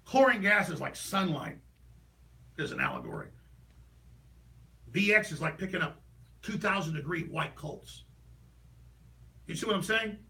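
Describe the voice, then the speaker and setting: A man delivering an impassioned, ranting political monologue as a talk show host, heated and rapid with sudden bursts of shouting. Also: a little high, wildly swooping pitch, creaky, far from the mic, poor audio.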